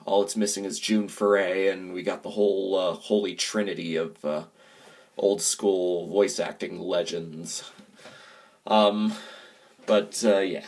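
A low-voiced man talks through a film review in a casual, unhurried way. He speaks slowly and keeps stopping to hunt for words with plenty of filler sounds in between. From United States. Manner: halting, many filler pauses.

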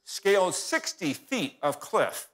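A man's voice: sits high, very animated, takes it slowly. A man giving a folksy, sermon-style history talk in a church, often turning to the audience and calling them folks. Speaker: guest speaker. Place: church hall. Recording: reverberant church hall.

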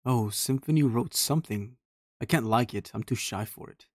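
A man's voice: mid-range voice, moderate pace, no room sound, clean studio sound. A man streaming a horror game, talking casually to himself and reading the game's text aloud as he plays. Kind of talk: casual let's-play commentary.

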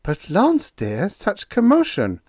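A man voicing a brisk, imperious young wife in a high, raised voice with a bossy, clipped manner. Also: wildly swooping pitch, a little mellow, husky, no room sound, exaggerated voice.

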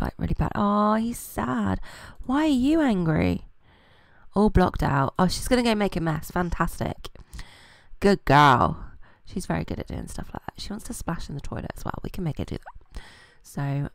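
A woman's voice: fairly low pitch, a little fast, no room sound. A British woman hosting a gaming channel, giving casual, rambling let's-play commentary full of fillers. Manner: chatty and rambling, with many fillers.

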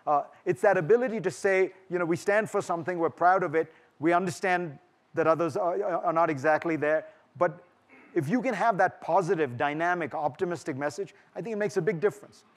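A middle-aged man speaks to a large hall audience at a festival. His voice sits a little high, and his delivery is thoughtful, with frequent restarts and fillers. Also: brisk. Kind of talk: festival talk and Q&A.

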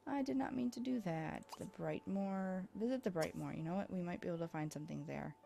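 A woman's voice: lowish voice, fairly quick, gravelly, dark tone, slight background noise. Tired, rambling woman narrating a game. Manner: chatty, rambling, self-deprecating. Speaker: let's play host. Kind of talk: casual gameplay commentary. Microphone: USB microphone.

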